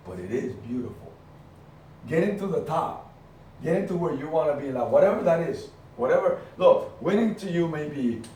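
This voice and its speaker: A middle-aged man giving an energetic, emphatic motivational talk to his team, telling stories with punchy repetitions. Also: medium pitch. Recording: very echoey room, far from the mic, faint noise.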